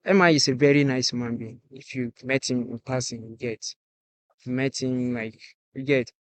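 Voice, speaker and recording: A man's voice: medium pitch, steady tone, normal speed, no echo. A Nigerian man talking as the guest musician on a casual podcast, earnest and saying "you get" again and again.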